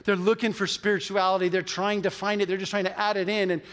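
A man's voice: high voice, little pitch movement, quick pace, fairly bright tone, smooth. A man pastor preaching a sermon in a church, telling a story, urging the congregation and leading a prayer, earnest and emphatic. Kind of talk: sermon with altar call and prayer. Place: church sanctuary with a loft. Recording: long hall reverb of a church.

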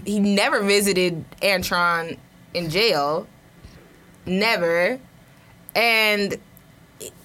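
A woman co-hosting a casual discussion, telling a story in a lively way. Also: mid-range voice. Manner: animated storyteller. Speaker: podcast co-host.

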